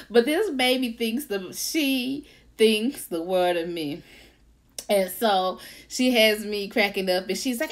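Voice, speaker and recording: A woman hosting a casual faith-based livestream, lively, laughing often and greeting viewers by name. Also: on the high side, normal speed. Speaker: author and livestream host.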